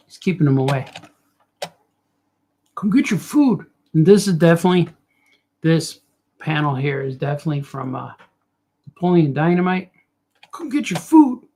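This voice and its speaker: A man's voice: a little high, creaky, darkish tone. A man cartoonist chatting casually and thinking aloud as he draws, rambling and cracking jokes. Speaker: cartoonist drawing on a show. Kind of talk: casual commentary while drawing.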